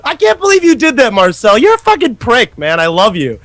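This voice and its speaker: A man co-hosting an online show, talking in a loud, animated, swear-heavy casual chat. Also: very high voice, fairly quick, no echo. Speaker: podcast co-host.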